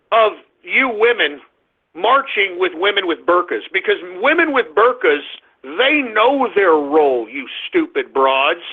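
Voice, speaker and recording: A middle-aged man hosting a radio show, ranting angrily and often breaking into shouts. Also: very high voice, breathy edge. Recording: tinny phone-like audio.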